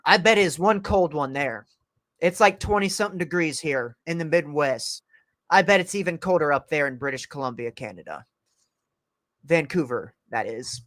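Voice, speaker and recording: A man with a high-pitched voice, starting to lose it, livestreaming excited play-by-play reactions to a wrestling match from his home computer. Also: normal speed, no room sound. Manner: excited play-by-play, calling moves as they happen. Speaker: livestream host. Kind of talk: live wrestling reaction commentary.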